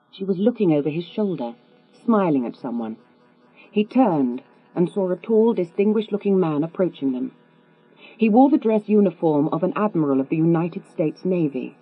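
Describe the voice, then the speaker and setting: A woman narrating a thriller audiobook in a measured, composed read. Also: deep voice, expressive, breathy edge. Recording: tinny, phone-like with mains hum.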